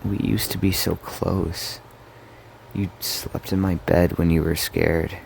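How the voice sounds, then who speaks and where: A man's voice: sits low, takes it slowly, a little mellow, a little hiss or hum. A man doing a dying undead older brother. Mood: pleading.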